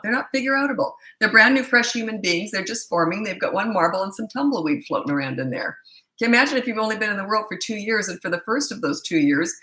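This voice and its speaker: A woman's voice: mid-range voice, sharp tone, reverberant. A middle-aged woman parenting coach reading viewer questions and answering them in a blunt, opinionated, casual way.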